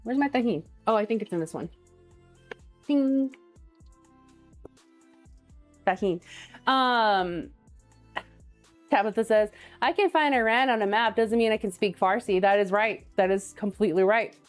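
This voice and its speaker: A woman's voice: mid-range voice, moderate pace, soft background music. A woman hosting a live cooking stream, chatting casually and telling stories while she cooks and reads viewer comments aloud.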